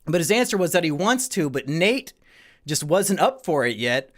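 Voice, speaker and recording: Man, livestream Q&A, crude, sarcastic, slightly high-pitched voice. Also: sing-song, moderate pace. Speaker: streamer answering viewer donations. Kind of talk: casual livestream Q&A.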